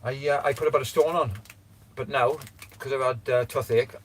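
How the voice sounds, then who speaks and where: A man's voice: mid-range voice, fairly even intonation, normal speed, slight background noise. Man laughing and rambling on a livestream. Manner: laughing, swearing, rambling with many restarts. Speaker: livestream host. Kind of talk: casual livestream chat.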